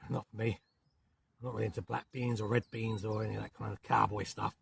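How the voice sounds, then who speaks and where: A man with a gravelly voice and a southern English accent talks to camera from inside a small hot tent in woodland. His rambling, chatty delivery is peppered with mild swearing and quick apologies. Soft outdoor ambience hangs faintly behind him. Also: on the low side, level tone, background noise. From southern England. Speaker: camping vlogger. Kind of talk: casual talk to camera.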